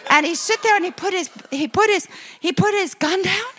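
Woman, middle-aged, preacher, sermon testimony, high voice, bright tone, animated storytelling. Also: moderate pace. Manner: animated storytelling, acts out her own excited quotes.

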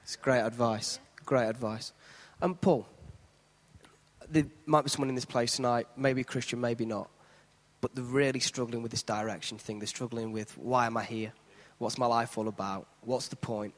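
Man, church host, steady encouraging voice, long hall reverb. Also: medium pitch, normal speed. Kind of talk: church service hosting and closing prayer.

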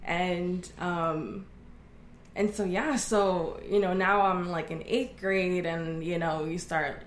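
A woman's voice: on the low side, fairly even intonation, slow. Candid woman telling her story, echoey room. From Oklahoma, USA. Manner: candid, earnest storytelling, acting out quoted voices. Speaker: guest. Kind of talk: personal testimony in an interview.

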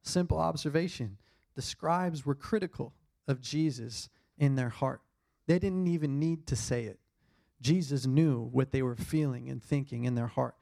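A man's voice: medium pitch, moderate pace, creaky, warm tone. A young man preaching a sermon in an earnest, conversational way, repeating his key points. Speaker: pastor.

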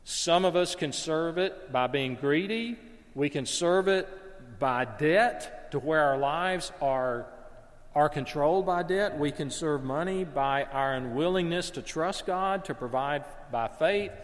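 A man's voice: on the high side, a little slow, in a large hall. A man preaching a sermon in an earnest, conversational way, sometimes stopping to correct himself. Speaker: pastor.

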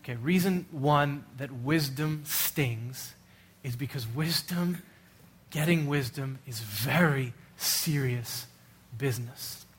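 A man's voice: mid-range voice, slow pace, fairly bright tone, slightly rough. A middle-aged male pastor preaching a sermon in an earnest, urgent way, full of rhetorical questions.

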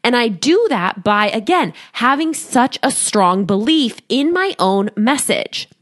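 A woman in her thirties hosting a solo podcast as a coach, talking to a studio microphone, animated, often laughing and acting out quoted voices. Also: a little high, unhurried.

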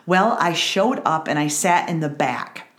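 Woman preaching bible study, kinda low voice, earnest and emphatic, roomy echo. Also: animated, unhurried, a bit bright. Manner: earnest, emphatic, repeats phrases for stress. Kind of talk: personal testimony teaching.

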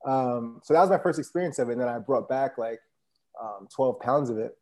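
A man's voice: mid-range voice, a little fast, a little mellow. A man chatting casually as a podcast guest, laid-back and rambling with many fillers. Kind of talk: casual conversation.

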